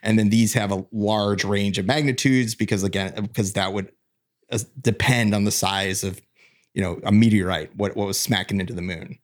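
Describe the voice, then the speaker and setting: Low-voiced man explaining, halting. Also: fairly even intonation. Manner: explanatory, hesitant with fillers and restarts. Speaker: podcast co-host explaining science topics. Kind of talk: casual podcast chat.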